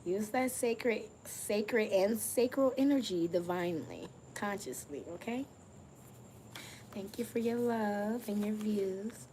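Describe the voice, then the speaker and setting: A woman reads tarot in loose, slangy chat, swearing freely and breaking into laughter often. She stretches key words out slowly for emphasis, in a mid-pitched voice. A faint hiss sits under the recording. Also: expressive, warm tone. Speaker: tarot reader. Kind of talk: casual spiritual tarot reading.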